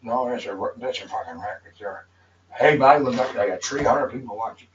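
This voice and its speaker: A man on a livestream, chatting in a rambling, profane, emotional way, swinging between shouts and mutters. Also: medium pitch, fairly quick, distant mic, dull audio, slight background noise.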